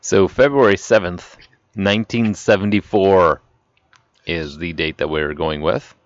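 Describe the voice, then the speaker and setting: A man co-hosting a casual podcast, reading listener emails aloud and cracking deadpan jokes. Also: low voice, a little slow, no echo, muffled recording. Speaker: podcast co-host. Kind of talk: casual chat.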